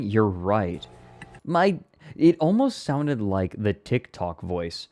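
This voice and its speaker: Male streamer host, chatty and animated, slightly scratchy throat, pitch swinging all over. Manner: animated, chatty, quick to laugh. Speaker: streamer reviewing viewer submissions. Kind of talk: casual live-stream chat.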